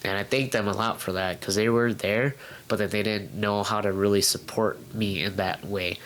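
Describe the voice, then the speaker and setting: A young man with a fairly low voice tells his personal story in a relaxed interview at home. He speaks candidly and haltingly, with frequent fillers and restarts, and slips into quoting his past self. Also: slight background noise, rough recording. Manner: acts out his past self in quoted outbursts. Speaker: guest. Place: home room.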